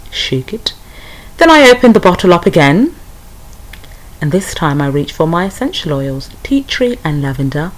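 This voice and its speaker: A woman's voice: fairly low pitch, sing-song, moderate pace, low-quality recording. A young British woman chatting through a hair care tutorial, talking straight to her viewers. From United Kingdom. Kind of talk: casual tutorial.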